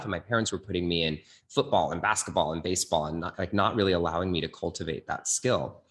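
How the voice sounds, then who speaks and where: Deep-voiced man telling his story. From California, Bay Area. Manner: earnest, animated retelling with acted quotes. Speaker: guest, singer-songwriter and spiritual teacher. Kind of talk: storytelling in an interview.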